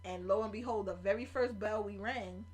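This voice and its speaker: A woman hosts a casual podcast from home, telling stories in an animated, salty voice. Her pitch sits in the middle for a woman. A faint hum and light noise run under her voice. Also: normal speed. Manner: animated, profane storytelling with loud acted-out quotes. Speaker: podcast host. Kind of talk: casual storytelling chat. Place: home room near a kitchen window.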